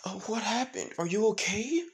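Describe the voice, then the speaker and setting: A man's voice: high voice, big pitch swings, moderate pace, voice pushed up. A man voicing a small, innocent girl who asks timid questions. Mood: worried. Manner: soft, questioning.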